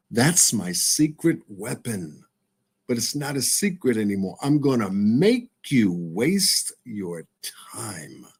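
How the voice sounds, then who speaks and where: A man hosting his live stream, signing off in a relaxed, chatty way and laughing often. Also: fairly low pitch, breathy edge. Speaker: host of a live show. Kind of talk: casual live-stream sign-off.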